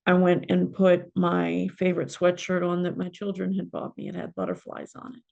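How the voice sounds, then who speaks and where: A middle-aged woman, a podcast guest and spiritual mentor, telling a personal story in an emotional, halting way. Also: fairly low pitch, completely flat delivery, vocal fry, a little mellow, dull audio. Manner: emotional, halting, with pauses and fillers.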